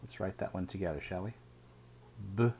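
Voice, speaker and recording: A man teaching a phonics lesson, sounding out each word slowly and deliberately. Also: low-pitched, gravelly, warm tone, a little hiss or hum. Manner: slow, deliberate sounding out of words.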